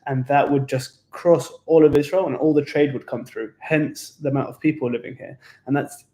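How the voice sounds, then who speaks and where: A man's voice: fairly high pitch, fairly even intonation, moderate pace, dark tone. A young British man, a tour guide, chatting on a live stream and explaining history in a rambling way with restarts. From England. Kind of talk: casual live stream chat.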